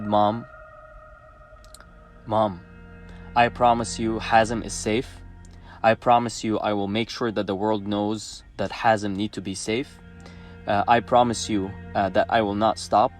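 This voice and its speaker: A man in his thirties from Egypt, speaking English with an Egyptian accent, whose native language is Arabic. He delivers an emotional personal monologue, pleading and defiant, and repeats phrases for emphasis. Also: on the low side.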